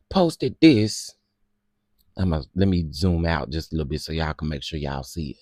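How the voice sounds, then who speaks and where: A man hosting a casual gossip commentary, sassy and dramatic, who often bursts into loud laughter. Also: low voice, dry recording, studio quality.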